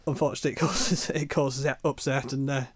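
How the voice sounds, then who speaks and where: A man speaking as an expert guest on a radio show, measured and hesitant with fillers. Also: medium pitch, steady tone, breathy edge, dry recording. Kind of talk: radio interview answer.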